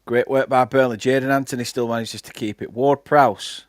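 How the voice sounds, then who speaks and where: During a casual live watchalong, a young man from England with a Lancashire accent calls a football match for his fan channel, chatting with viewers and reading their comments in between. His voice is mid-range, steady and moderately paced. The studio-quality recording has no echo.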